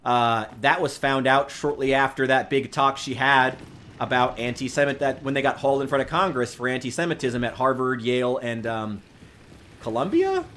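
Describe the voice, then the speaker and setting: A man's voice: mid-range voice, animated, normal speed, fairly bright tone, slight background noise. A man chatting casually while streaming a game, ranting with profanity and sarcasm. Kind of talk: casual gaming stream chat.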